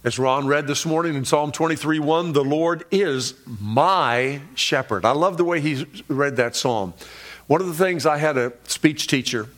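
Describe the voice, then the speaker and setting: A pastor preaching a sermon, telling stories and slowing down to stress key words and scripture. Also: male voice, fairly high pitch. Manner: storytelling, slows down for emphasis on key words.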